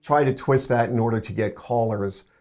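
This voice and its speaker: Man, animated storyteller, jumps up in pitch for quoted voices, radio co-host. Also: normal speed. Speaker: radio program director and morning show co-host.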